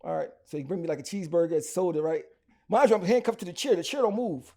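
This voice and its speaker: With a Philly accent, a Philadelphia rapper recounts his story as an interview guest, talking in animated, slangy bursts that keep restarting. His voice sits high and moves quickly.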